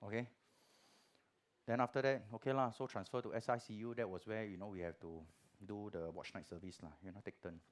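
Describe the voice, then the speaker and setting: A middle-aged Singaporean man with a Singaporean accent, giving a church testimony in chatty Singlish that swings from hushed to loud. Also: on the low side, steady tone, fairly quick. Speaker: guest preacher.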